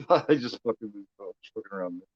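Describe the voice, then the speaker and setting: A man's voice: fairly low pitch, expressive, normal speed, breathy edge, no echo, muffled recording. A man from Indiana with a Midwestern American accent, hosting a movie watch-along stream in loose casual chat, rambling and repeating his words. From United States.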